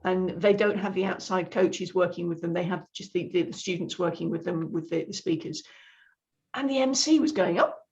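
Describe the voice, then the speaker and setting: A woman with a gravelly, creaky voice, explaining her points as a communication coach in a relaxed interview. She restarts phrases now and then, and her audio sounds dull and lo-fi. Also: fairly low pitch, normal speed. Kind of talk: conversational interview.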